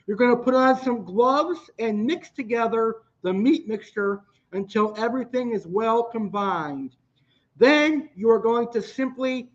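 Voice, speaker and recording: A young man teaching a cooking class, talking through recipe steps plainly with some restarts. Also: very high-pitched. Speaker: cooking instructor. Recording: dull lo-fi sound.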